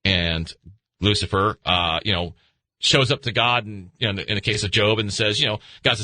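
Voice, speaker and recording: A man hosting a late-night talk radio show, talking through a rambling, animated monologue. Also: brisk, dry recording. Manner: animated, rambling, acts out voices in high pitch.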